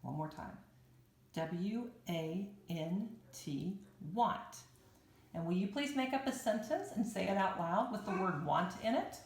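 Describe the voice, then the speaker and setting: A woman teacher giving a reading lesson to young children, spelling words out slowly and clearly. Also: mid-range voice, sing-song, reverberant. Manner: slow, clear spelling out of letters for young learners.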